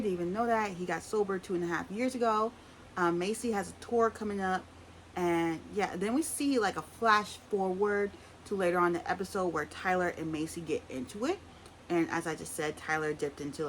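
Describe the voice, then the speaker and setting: A woman giving a casual, opinionated recap of a reality show, chatty with sassy asides and quick voice impressions. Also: fairly low pitch, a little hiss or hum, poor audio.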